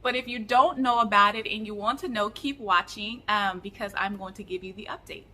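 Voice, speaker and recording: Bright-voiced chatty woman vlogger. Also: mid-range voice, fairly quick. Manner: chatty, animated storytelling with fillers. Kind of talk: casual storytelling vlog.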